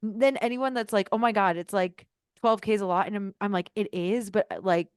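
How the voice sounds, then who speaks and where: A woman's voice: medium pitch, steady tone, fairly quick, clear, resonant tone, no echo, clean studio sound. A woman coaching clients on a group video call, upbeat and bubbly. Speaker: business coach.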